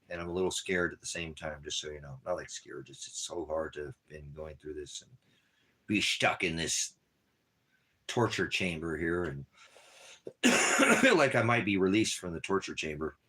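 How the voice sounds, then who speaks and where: A man vlogging in casual chat, rambling and repeating himself with halting restarts. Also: sits low, sharp tone.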